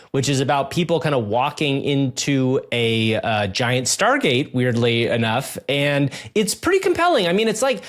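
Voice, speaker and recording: Chatty, enthusiastic podcast co-host man. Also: a little high. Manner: enthusiastic, chatty, many fillers like "like". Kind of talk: casual chat.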